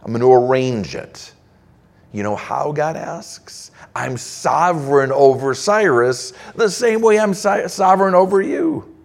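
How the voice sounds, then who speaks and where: A man's voice: on the high side, animated, a little slow, gravelly. A man preaching a sermon, reading scripture aloud and acting out God's replies and the people's complaints. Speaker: pastor.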